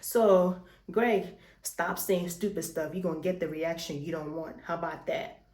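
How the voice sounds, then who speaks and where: A woman's voice: on the low side, moderate pace, echoey room. A woman recapping a reality show in casual chat, swearing freely and acting out the dialogue. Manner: animated, swears freely, retells scenes with dialogue. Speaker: recap host.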